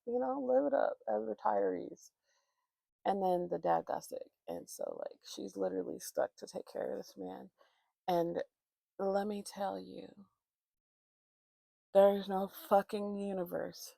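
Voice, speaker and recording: A woman's voice: mid-range voice, vocal fry, mellow, no echo, studio quality. A woman vlogger chatting casually, telling a rambling, profane, candid story with many restarts.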